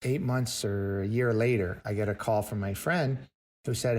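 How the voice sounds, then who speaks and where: A man's voice: on the low side, normal speed, a little mellow. A middle-aged man, a guest author, telling a moving story in conversation, earnest and repeating words for emphasis.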